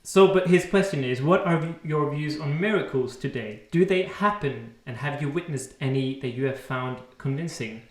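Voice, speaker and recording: Male interviewer, halting and hesitant, mid pitch, echoey room sound. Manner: hesitant, many fillers and restarts. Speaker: interviewer reading viewer questions. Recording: roomy echo.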